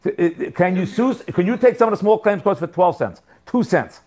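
A man's voice: sits high, expressive, moderate pace, warm tone. Man teaching a text-study class, questioning aloud. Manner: thinking aloud, rhetorical questions. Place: living outside America.

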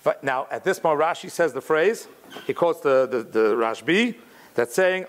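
A man teaching a Torah class in an animated way, explaining commentary, restarting often and mixing in Hebrew terms. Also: a little high, normal speed.

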